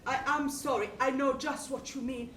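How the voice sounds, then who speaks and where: English woman as a fussing, joking panto mum, slightly high, distant in an echoey noisy hall. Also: fairly even intonation, moderate pace, natural voice. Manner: chatty, jokey, fussing. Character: jolly motherly village cook, cheeky and flustered. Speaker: amateur stage actor. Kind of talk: pantomime stage acting with ad-libs. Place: community stage hall.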